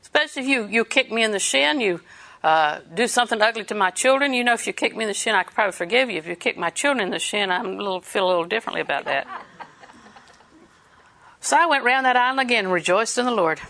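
A woman's voice: a little high, quick pace. A woman preaching a sermon, telling stories and laughing as she exhorts. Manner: storytelling, animated, laughs while preaching.

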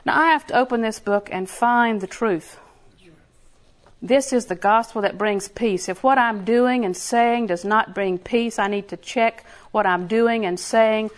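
A woman preaching a sermon in a conversational way, laughing often and building emphasis. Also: medium pitch.

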